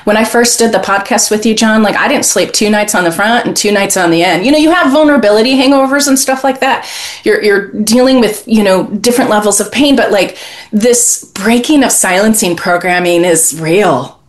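A woman's voice: on the high side, fast talker. A woman speaking frankly and with passion as a guest in a podcast conversation, laughing now and then.

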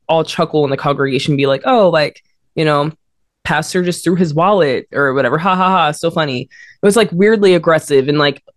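A woman guest in a conversation, telling a personal story with frequent restarts and laughter, jumping up in pitch to act out what people said. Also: no room sound, studio quality. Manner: animated, acts out quotes in a higher voice, frequent restarts and laughter. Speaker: interview guest.

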